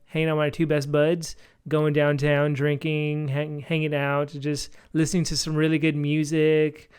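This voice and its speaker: A man's voice: on the high side, clear, resonant tone. A man co-hosting a podcast, chatting casually and rambling a little with many hesitations. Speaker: podcast co-host. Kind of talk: casual chat.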